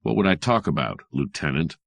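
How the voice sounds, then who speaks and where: Guy doing cool wisecracking private eye, bored drawl, low voice. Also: lively intonation, brisk, creaky, dry recording, heavily acted. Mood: sardonic.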